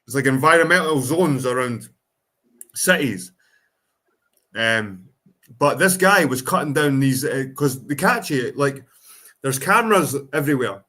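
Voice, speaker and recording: A man's voice: mid-range voice, lively intonation, unhurried, long pauses, bright, forceful tone. A man from England, ranting in a casual chat and swearing heavily. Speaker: podcast guest.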